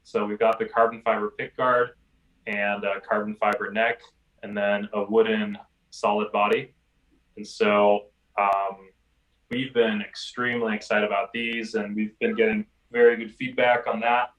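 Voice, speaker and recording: Flat-voiced man heard from far off. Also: fairly low pitch, a little slow. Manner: easygoing, many "um"s and restarts. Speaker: interviewee from an instrument maker. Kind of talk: recorded interview. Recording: roomy, distant mic.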